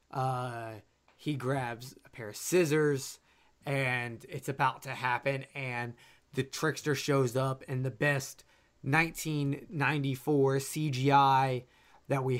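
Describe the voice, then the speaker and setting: A man co-hosting a relaxed movie podcast, his voice sitting in an ordinary middle range. He talks with frequent uhs and ums and pauses, coughing now and then. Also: mid-range voice. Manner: hesitant, lots of uh and um. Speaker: podcast co-host. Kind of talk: casual film discussion.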